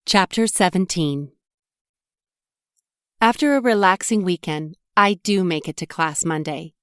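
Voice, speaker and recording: A woman narrating a young adult audiobook in the first person, in an even, conversational storytelling manner. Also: lowish voice, a little slow, clean tone, no echo, studio quality.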